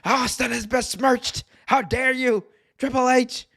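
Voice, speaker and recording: Indignant squealing commentator, a podcaster doing a bit; pitch it up high, all fury. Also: male voice, steady tone, unhurried, vocal fry, pushed and bright, exaggerated voice. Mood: furious. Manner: ranting, indignant. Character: furious ringside commentator man, ranting.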